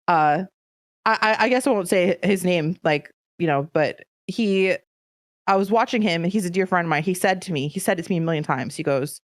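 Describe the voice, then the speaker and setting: A woman's voice: on the low side, no room sound, clean studio sound. A woman in casual podcast talk, telling a story with emotion and animation. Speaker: streamer guest.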